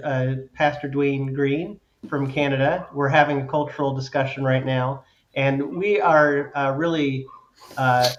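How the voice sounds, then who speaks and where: A man's voice: mid-range voice, muffled recording. A man hosting a casual chat who jokes around in an easygoing way. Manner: joking, easygoing. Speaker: host.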